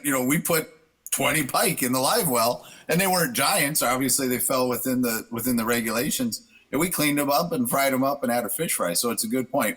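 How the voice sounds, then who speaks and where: A man's voice: mid-range voice, a bit bright. A man who chaired a local event, talking earnestly and upbeat on a radio show, often restarting his sentences. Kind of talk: casual radio chat.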